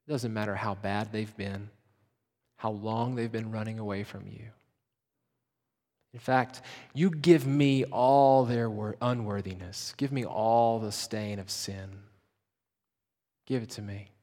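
A man preaching a sermon with passion, rising to loud emphasis and dropping to hushed, intimate lines. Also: on the low side, fairly even intonation, takes it slowly, pauses often, big-room sound. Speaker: pastor.

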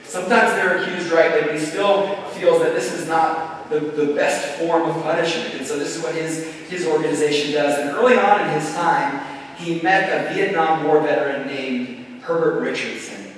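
A middle-aged male pastor preaching a sermon in a large church, earnest and slowing down to stress key words. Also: a little high, a little hiss or hum. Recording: echoey hall from far off.

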